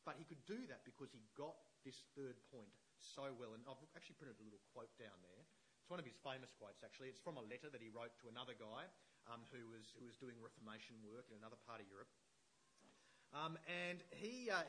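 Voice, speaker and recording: A man preaching a sermon, emphatic and animated, checking in with the congregation with frequent "yeah?" questions. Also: medium pitch, a little hiss or hum, low-quality recording. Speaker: pastor.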